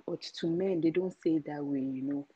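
A woman's voice: low voice, normal speed, mellow, slightly rough, no echo, lo-fi sound. A young woman guest on a podcast, speaking earnestly and giving her opinions in a casual chat. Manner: shy at first, then earnest and opinionated.

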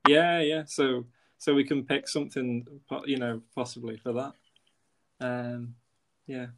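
A man's voice: medium pitch, steady tone, measured pace. A young man co-hosting a podcast, restarting his intro over and over and laughing at his own slips. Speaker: podcast co-host. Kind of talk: casual podcast outtakes.

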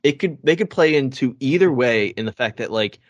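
A relaxed man in casual podcast chat, easygoing and agreeable, with plenty of ums and likes. The recording is dry and close, with no room sound. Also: mid-range voice, a little fast, no room sound, muffled recording. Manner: relaxed, filler-heavy, agreeable. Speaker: podcast co-host.

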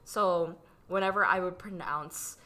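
A woman's voice: fairly low pitch, unhurried, bright, forceful tone. A woman from the Philippines with a slight Filipino accent, co-hosting a casual chat in a chatty, playful way and laughing easily. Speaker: podcast co-host.

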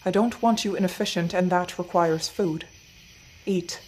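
A gruff, growling middle-aged farmer, as a woman voices him, speaking in a somewhat low register. He is curt and hard with his guests. This is audio fiction. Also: normal speed, darkish tone, slight background noise, close to an everyday voice, poor audio.

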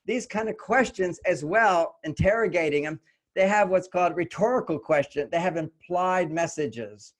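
A man's voice: sits high, normal speed. An older man, a relationship author being interviewed, explaining earnestly and briefly acting out the voices of the people he quotes. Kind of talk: conversational interview.

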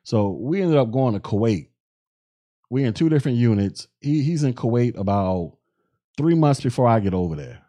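A podcast host with a warm, dark voice tells a rambling, casual story at a moderate pace, his intonation lively and his pitch swinging a lot. He speaks loosely, full of slang and profanity, often stopping and restarting mid-sentence.

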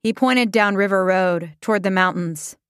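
A woman narrating a comic story in a level, deadpan read. Her voice sits at an ordinary middle pitch. The sound is close and dry, with no room around it. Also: moderate pace, clean tone, dry recording. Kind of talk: reading a comic story aloud.

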